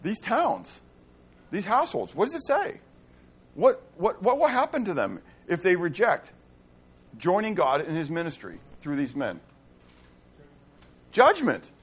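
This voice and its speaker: Animated man preaching a sermon. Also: high voice, normal speed, breathy edge. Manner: animated preaching with rhetorical questions and repetition. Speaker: pastor.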